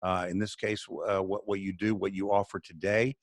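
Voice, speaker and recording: A man's voice: low-pitched, little pitch movement, fairly quick, dry recording, clean studio sound. A man who speaks for a charity, talking on a video call in an earnest, sermon-like storytelling way. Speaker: charity spokesman, radio guest.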